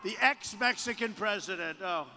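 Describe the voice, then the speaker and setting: A man delivers a boastful, repetitive campaign rally speech, high-pitched and bright-toned, and breaks into shouted bursts. His voice rings through a long arena reverb with faint crowd noise behind. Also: animated, moderate pace. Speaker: political candidate at a rally. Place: large rally venue.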